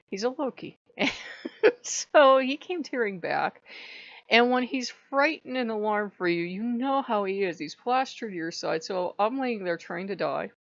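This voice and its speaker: A woman of middle pitch tells a personal story in a casual vlog and laughs often as she goes. The sound is muffled and lo-fi. It is close and dry, with no room echo. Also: vocal fry. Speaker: channel host.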